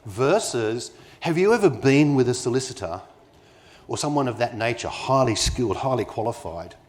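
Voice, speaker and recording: A man speaks as keynote at a conference, his voice sitting at an ordinary middle pitch. He presses each point home with emphasis and keeps pulling the room in with quick questions like "yeah?" and "you with me?". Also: lively intonation, a little mellow. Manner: engages the audience with rhetorical questions; emphatic, persuasive delivery. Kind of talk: live conference talk. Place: conference venue.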